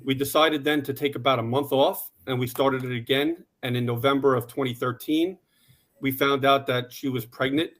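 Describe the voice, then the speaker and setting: A man in his forties telling his personal story on a panel in a steady, plain way, with some "uh" fillers. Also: mid-range voice, moderate pace. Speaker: conference panelist.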